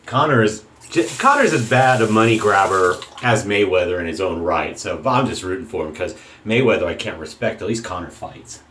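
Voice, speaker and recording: A man's voice: low-pitched, animated, fairly quick, a bit bright, low-quality recording. A man hosting a shaving channel, rambling through an opinionated casual monologue and often cutting himself off mid-sentence. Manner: opinionated, rambling, self-interrupting.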